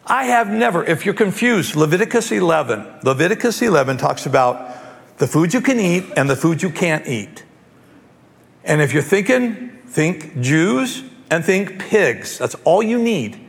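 A man preaches an emphatic sermon, acting scripture out as he goes. His fairly high voice swings widely in pitch for emphasis. A long hall reverb trails every phrase. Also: a little slow, vocal fry. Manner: animated, emphatic, acts out scripture. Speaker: pastor.

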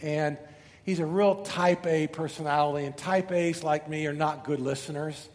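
A middle-aged man preaching a sermon as pastor, telling animated stories and asking rhetorical questions, often repeating words. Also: a little high, normal speed. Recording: reverberant hall with faint noise.

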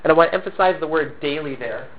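The recording is very noisy and tinny, like a phone line, and the man's slightly high voice moves fast. He is a pastor preaching with earnestness and emphasis, mixing in humor at his own expense. A lingering cough hasn't fully cleared.

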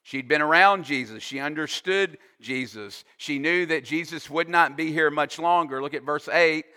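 Pastor, male, slow, emphatic sermon delivery, slightly high voice, bright tone, long hall reverb. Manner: slow, emphatic preaching with explanatory asides. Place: church sanctuary.

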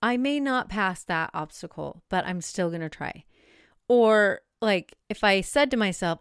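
A woman hosts a casual solo podcast in a smooth, clear voice of middle pitch. She laughs often and acts out her own inner self-talk. The sound is dry and close to the mic. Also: expressive, measured pace, no room sound. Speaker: podcast host.

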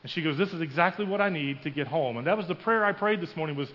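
A man's voice: on the high side, expressive, fast, few pauses. Man preaching in a reverberant church. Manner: storytelling, acting out quoted voices with rising emphasis. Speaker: pastor. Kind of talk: sermon. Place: church sanctuary. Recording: muffled with long hall reverb.

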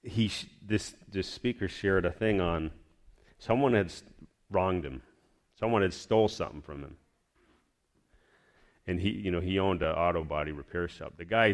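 A man giving a personal testimony to his church, telling a story in a rambling, heartfelt way. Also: low voice.

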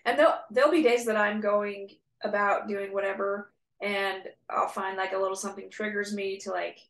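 Woman with a bit of vocal fry, thinking out loud on a podcast, echoey. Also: mid-range voice, steady tone, normal speed. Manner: reflective, agreeable, thinks aloud. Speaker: podcast co-host. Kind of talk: casual chat. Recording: echoey room.

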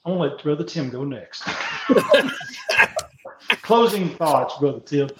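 A man moderates a casual Bible discussion, teasing and jovial. His voice is slightly high. It comes through from far off, with echo and heavy background noise. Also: sing-song, slow pace. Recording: echoey, loud noise, from far off.

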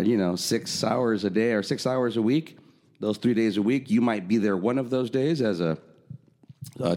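Low, mellow-voiced male podcast host. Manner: conversational, frequent fillers, laughs easily. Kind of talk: casual podcast chat.

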